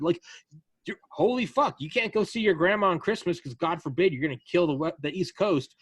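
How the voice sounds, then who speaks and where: A man in casual political chat on a podcast, animated and profane, acting out the people he quotes. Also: high-pitched, quick pace, husky, dry recording.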